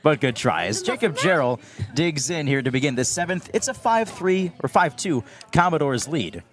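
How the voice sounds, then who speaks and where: A young man doing baseball play-by-play commentary, steady between pitches and climbing high and loud on big plays. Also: normal speed. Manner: steady calls that rise sharply on big plays. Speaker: play-by-play announcer.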